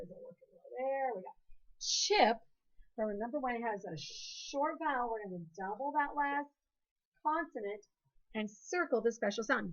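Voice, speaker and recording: Encouraging Ohio teacher, lo-fi sound. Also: female voice, on the high side. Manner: patient, encouraging, sing-song teacher talk. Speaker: second grade teacher. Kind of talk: phonics lesson, call-and-response with pupils.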